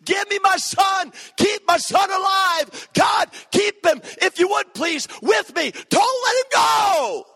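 A man preaching, acting out a desperate grieving father-king who shouts and begs God to spare his son. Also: very high-pitched, lively intonation, slow pace, vocal fry, few pauses, in a large hall, pitched above the performer's own voice, heavily acted. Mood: desperate pleading. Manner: shouting, begging.

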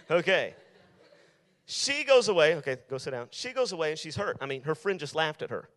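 A man's voice: fairly high pitch, big pitch swings, normal speed, fairly bright tone, in a large hall. A male youth pastor preaching to teenagers in an emphatic style, repeating his key lines. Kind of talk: sermon.

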